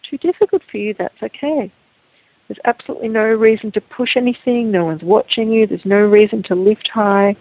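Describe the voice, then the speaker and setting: Gravelly woman guiding a movement lesson. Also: mid-range voice, no room sound. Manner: calm, gentle, unhurried instructions. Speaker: Feldenkrais teacher. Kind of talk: guided movement lesson over a video call. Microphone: video call. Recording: tinny, phone-like call audio, dry.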